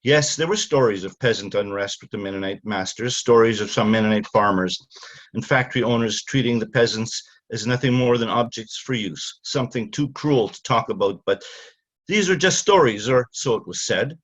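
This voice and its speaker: An older man from Canada, an author speaking haltingly with many fillers, then reading from his novel. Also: fairly low pitch, fairly bright tone, muffled recording.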